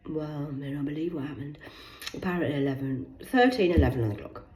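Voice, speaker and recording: A woman with a low voice tells a sprawling personal story straight to camera, cursing casually as she goes. She lurches from loud outbursts to quiet muttered asides. The room around her is bare and echoey. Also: lively intonation, a little fast. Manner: swears freely, jumps between loud bursts and muttered asides. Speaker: vlogger. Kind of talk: rambling personal storytime monologue.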